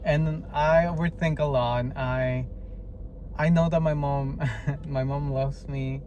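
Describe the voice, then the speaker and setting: A man's voice: fairly high pitch, steady tone, slow, a little mellow, dull audio. A man telling a heartfelt personal story in a vlog, hesitant, with many fillers and restarts. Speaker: vlogger. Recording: noisy background with traffic.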